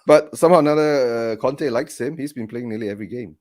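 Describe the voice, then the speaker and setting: A man's voice: medium pitch, fast talker, a little mellow, slight background noise. A man chatting casually about football, agreeable and rambling, laughing often.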